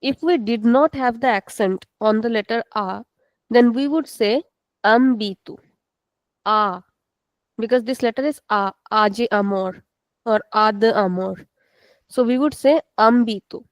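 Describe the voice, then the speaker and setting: A patient woman teaching an online language lesson to students, repeating words slowly and explaining each sound. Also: fairly high pitch, dry recording, rough recording.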